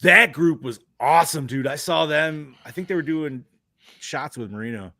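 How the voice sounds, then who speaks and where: In a dry, studio-quality recording, a man with a fairly high, bright, forceful voice talks at a moderate pace. He's co-hosting a podcast, chatting casually, swearing freely and laughing often.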